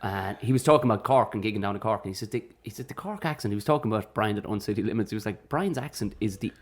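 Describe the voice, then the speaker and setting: An Irish man hosting a comedy podcast in a casual, profane, animated chat. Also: lowish voice. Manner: animated and profane, quick bursts. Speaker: podcast host.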